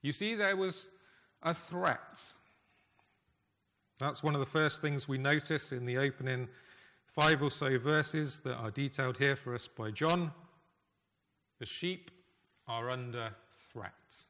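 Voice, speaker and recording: A man preaching a sermon in a conversational, emphatic way, with pauses. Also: mid-range voice, sharp tone. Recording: echoey hall reverb.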